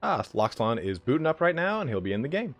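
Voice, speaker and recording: A man's voice: mid-range voice, very animated, fast, faint music behind. A man hosting a live stream, chatting casually with viewers in a joking, profane way. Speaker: livestream host of a game league.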